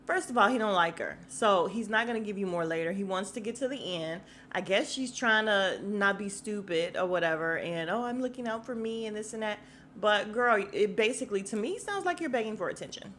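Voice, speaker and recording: A woman's voice: mid-range voice, animated, normal speed, fairly bright tone, a little hiss or hum. Brief: young woman podcast host from Chicago, casual recap, blunt and sassy, mid-range voice, talks right at the audience. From Chicago, USA. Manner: blunt, sassy, speaks straight to listeners.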